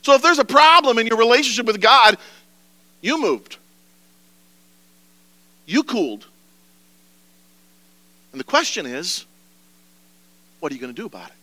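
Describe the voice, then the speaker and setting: Pastor guy preaching, high bright voice, super dry close sound, earnest. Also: big pitch swings, a little slow, long pauses, dry recording. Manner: earnest, preacherly, rising to emphatic pleas. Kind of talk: sermon.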